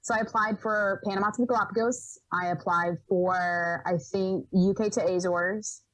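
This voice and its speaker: A young woman from Rhode Island telling stories as a podcast guest, animated, laughing often and acting out what people said. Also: medium pitch, normal speed, no room sound, rough recording. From Rhode Island, USA. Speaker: podcast guest, environmental educator. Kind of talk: casual storytelling in an interview.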